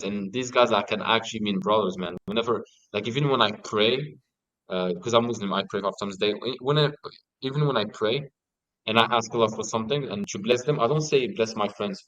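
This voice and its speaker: A young man in a casual interview, telling stories in an animated way and swearing often. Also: lowish voice, dry recording, muffled recording. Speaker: guest.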